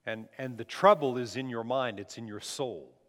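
A man's voice: mid-range voice, normal speed. A man preaching a conversational sermon as a pastor, often restarting his phrases. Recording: long hall reverb.

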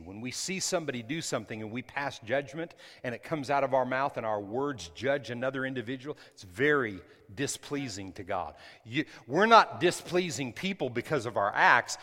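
A male pastor delivers a sermon with a very bright, cutting voice. He keeps it conversational, then bursts out loudly and follows up with quick apologies. His words ring out with a long reverb in a church hall. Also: mid-range voice. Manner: conversational preaching with sudden loud bursts and apologetic asides. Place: church during a service.

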